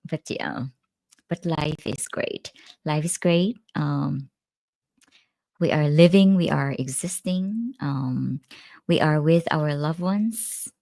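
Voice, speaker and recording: A woman's voice: sits low, takes it slowly, warm tone, no echo. A middle-aged woman hosting a casual livestream, chatting and laughing easily as she tells stories and answers viewer comments. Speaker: livestream host. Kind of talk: casual live-stream chat.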